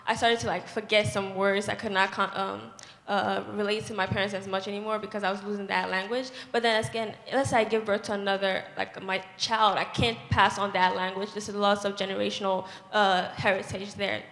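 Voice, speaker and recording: Brief: woman from Ghana, mid-pitched, earnest and reflective, recorded in a reverberant hall. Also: level tone, brisk, a bit bright. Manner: earnest, reflective, self-correcting. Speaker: book club participant. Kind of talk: casual group discussion. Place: indoor event hall. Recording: echoey hall with long reverb.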